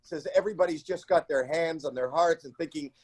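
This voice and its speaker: A comedian guest in an interview, telling stories in an animated way and acting out the people in them with sudden shrill cries. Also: male voice, fairly quick, dry recording. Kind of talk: animated storytelling in a casual interview. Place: home.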